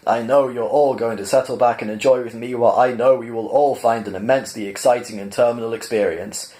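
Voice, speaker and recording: A man voicing a showy male cabaret compere who talks in a booming, theatrical way. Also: fairly even intonation, a little fast, a little mellow, lightly acted. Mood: gushing. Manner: booming, theatrical showman delivery.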